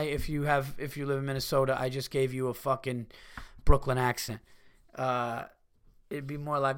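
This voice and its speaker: A man hosting a casual solo podcast, ranting in a profane, animated way. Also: mid-range voice, normal speed, smooth. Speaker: podcast host.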